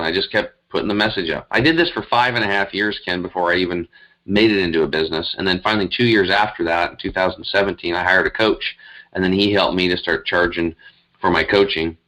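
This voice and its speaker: A man with a deep, low voice tells his story as a guest. He rambles and talks in an animated, emphatic way. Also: rough recording. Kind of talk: conversational storytelling.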